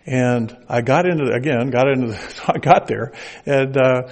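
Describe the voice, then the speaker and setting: A man's voice: mid-range voice, normal speed. An older man with a Southern accent preaching a conversational sermon with folksy asides.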